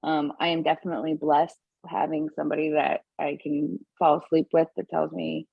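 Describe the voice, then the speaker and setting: A husky-voiced woman pilot banters as a podcast cohost, sarcastic and animated, often breaking into laughter. The sound is dry and a bit muffled. She talks in a loose, chatty way. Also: deep voice, moderate pace, no room sound. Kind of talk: casual podcast chat.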